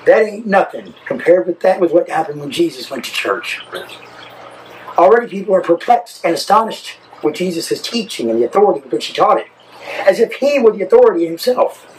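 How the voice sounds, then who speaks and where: Animated pastor preaching. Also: male voice, high-pitched, brisk, a little hiss or hum, poor audio. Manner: animated storytelling preacher, emphatic. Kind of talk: sermon.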